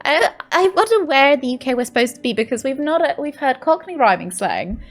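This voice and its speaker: Playful high-voiced woman gamer. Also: very animated, brisk, soft background music. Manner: playful, joking, chatty. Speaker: gaming YouTuber. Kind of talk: let's-play commentary.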